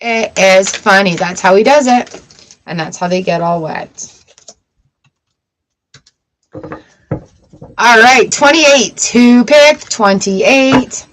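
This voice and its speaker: A young adult woman hosts a live tarot stream, chatting casually and animatedly telling funny stories while laughing often. Her mid-range voice is very slow with long pauses. The recording is low quality with slight background noise.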